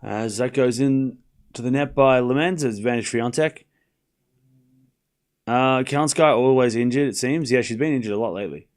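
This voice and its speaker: A man's voice: medium pitch, normal speed. Casual young man calling tennis live. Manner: relaxed, teasing with chat, breaks into laughter. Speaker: streamer doing live tennis watchalong commentary. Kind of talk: casual live play-by-play commentary.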